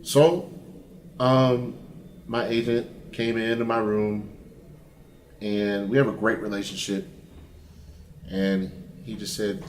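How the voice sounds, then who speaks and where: A man being interviewed as a competitive bodybuilder, telling his story in a lively, profane way and acting out what he said back then. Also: lowish voice, takes it slowly, long pauses, a little hiss or hum. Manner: lively and profane, acts out his own past lines. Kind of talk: animated storytelling in conversation. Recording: roomy echo.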